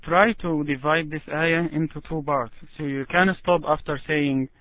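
A man teaching Quran recitation one-on-one, patient and slow, demonstrating each word drawn out, over an online call. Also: a little high, fairly even intonation, no echo. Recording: tinny phone-like line.

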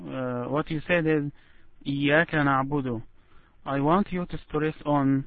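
A man teaching Quran recitation one-on-one, patient and slow, demonstrating each word drawn out, over an online call. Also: on the high side, fairly even intonation. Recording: tinny phone-like line.

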